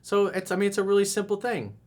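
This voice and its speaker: Emphatic man coaching on camera. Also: quick pace. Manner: casual and emphatic, with sudden rises in pitch and loudness. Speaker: dating coach. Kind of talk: coaching video monologue.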